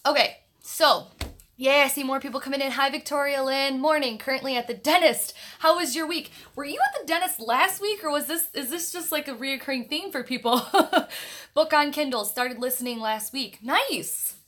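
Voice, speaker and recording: A young woman who hosts an online book club livestreams casually from her grandmother's house, greeting viewers by name and using many fillers. Her voice sits high and fairly bright at a moderate pace.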